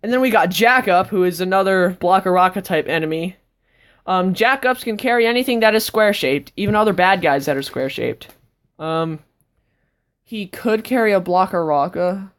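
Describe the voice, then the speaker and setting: A woman vlogger giving a casual, rambling tour of her sketchbook, breaking into sudden excited outbursts. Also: lowish voice, moderate pace.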